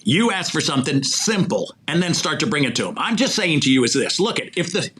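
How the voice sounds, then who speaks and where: Guy w/ a slightly husky voice, kinda high, preaching faith on a podcast, lots of rhetorical questions. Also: big pitch swings, brisk, a bit bright. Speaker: podcast guest, sports executive recruiter. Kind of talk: faith-centered motivational conversation.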